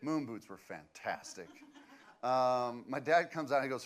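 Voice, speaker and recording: A man's voice: medium pitch, animated, a little slow. A man, preaching a sermon as a pastor and telling stories in a loose, conversational way with fillers.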